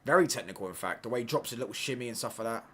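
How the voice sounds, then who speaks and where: A young man hosts a live football watchalong, reacting to the play and chatting with viewers in excitable, slangy talk. His voice is medium pitched and husky, and he speaks at a racing pace.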